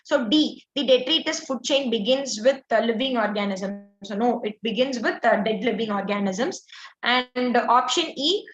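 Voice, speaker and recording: Higher-pitched woman explaining exam answers. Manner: explanatory, filler-heavy, says "like" and "uh" often. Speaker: teacher. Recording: echoey dull lo-fi audio.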